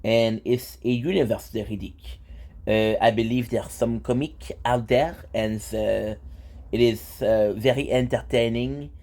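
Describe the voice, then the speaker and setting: A man doing a mock French movie reviewer, chatty and halting, leaning on filler words as he talks. The voice sits mid-range with a dark, mellow tone. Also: medium pitch, steady tone, lightly acted. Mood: mock-formal.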